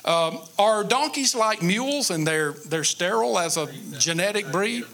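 A male pastor with a high, bright voice, talking casually and folksily to his congregation. He banters with listeners and then drives points home with emphatic repetition. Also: expressive, normal speed. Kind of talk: conversational sermon.

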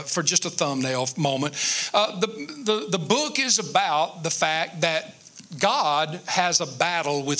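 A man's voice: a little high, pushed and bright. A man preaching a conversational sermon, joking with his congregation and building up emphatic repetitions. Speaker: pastor.

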